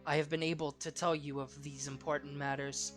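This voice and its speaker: Ancient male tree spirit, read by a let's player, dying, solemn, archaic speech, bright voice. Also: mid-range voice, little pitch movement, brisk, soft background music, close to an everyday voice. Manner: formal archaic speech, grave. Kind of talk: let's play character reading.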